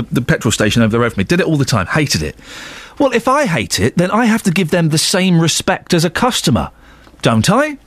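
A man hosting a radio talk show, excitable and goading, stumbling over his words. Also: a little high, no echo. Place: radio studio. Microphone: studio microphone.

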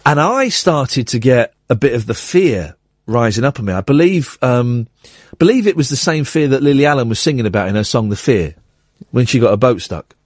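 Male radio host, middle-aged, lively storyteller with a slightly husky, dry studio sound. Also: medium pitch, a little fast, dry recording. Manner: animated anecdote with acted-out quotes.

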